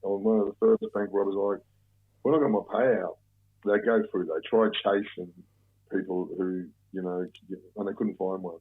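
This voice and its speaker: An Australian man, a guest on an interview show, telling stories in a relaxed, rambling way and swearing freely. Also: fairly low pitch, moderate pace, breathy edge. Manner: relaxed, profane, rambling storyteller. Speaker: guest, former bank robber. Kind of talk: casual storytelling interview. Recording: narrow phone-like sound.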